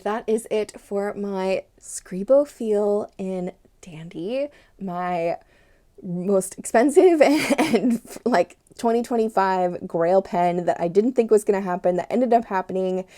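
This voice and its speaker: Woman host, casual review vlog, mellow gravelly voice, gushing and excitable. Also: medium pitch. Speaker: stationery channel host.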